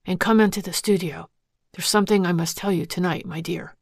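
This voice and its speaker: Frightened husband on the run, hurried and halting, read by a woman with a low, gravelly tone. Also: fairly even intonation, no room sound, clean studio sound. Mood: urgent. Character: desperate middle-aged husband in trouble.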